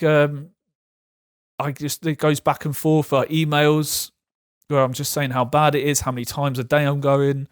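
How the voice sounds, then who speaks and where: A man's voice: medium pitch, dry recording. Guy, frank vlog talk, stops and restarts, jokes about hard things; dry, close recording. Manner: frank, halting, laughs through hard topics. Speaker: vlogger sharing patient experience. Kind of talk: candid personal talk to camera.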